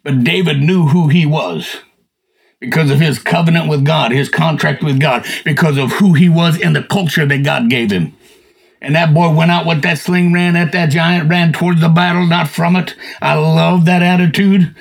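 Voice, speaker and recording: An older man telling Bible stories in a folksy, animated, casual chat as a podcast co-host. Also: fairly high pitch, normal speed, creaky, husky. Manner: folksy, animated, acts out voices.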